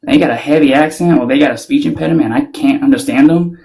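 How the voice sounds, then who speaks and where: A man arguing dismissively in an online voice chat, talking quickly. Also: on the high side, gravelly, over a noisy crowd. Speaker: debate participant. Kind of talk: casual argumentative chat.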